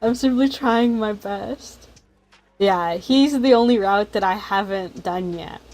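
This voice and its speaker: A woman's voice: medium pitch, slow, a little mellow, soft background music, low-quality recording. A woman streaming a story game, chatting casually and reading its text aloud in a rambling, giggly way.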